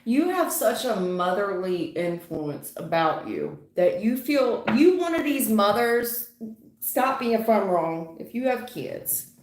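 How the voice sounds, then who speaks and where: A middle-aged woman doing a live tarot reading, blunt and slangy, teasing and animated as she talks to viewers. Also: medium pitch, takes it slowly, reverberant. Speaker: tarot reader.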